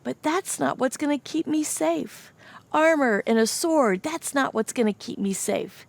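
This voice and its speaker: Bible story shepherd boy, earnest and slow, as told by a woman with a gravelly voice. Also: high-pitched, animated, voice pushed up, full character voice. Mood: calm. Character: young shepherd boy, brave and faithful.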